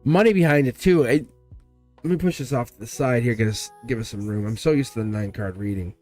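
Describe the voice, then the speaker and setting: A male tarot reader on a live stream, talking at an ordinary middle pitch for a man. He rambles cheerfully, laughs often and speaks straight to his viewers. Faint music plays behind him. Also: fairly quick, darkish tone.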